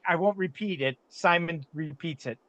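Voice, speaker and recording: A man narrating as game master of a tabletop game, halting and often repeating words. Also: a little high, fairly bright tone, no room sound, dull audio.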